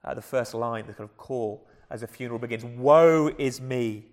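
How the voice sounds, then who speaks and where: A hoarse man with an English accent, preaching a sermon in an earnest, conversational way with frequent repeated starts. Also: mid-range voice, flat delivery, fast, in a large hall. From England. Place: church.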